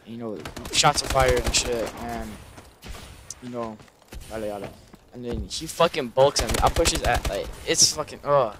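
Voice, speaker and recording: A man's voice: medium pitch, moderate pace, background noise. A young man giving casual, rambling commentary over gameplay, subdued and swearing a lot. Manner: rambling, subdued, heavy swearing, lots of fillers. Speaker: gaming YouTuber. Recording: gunfire from gameplay behind voice. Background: video game gunfire.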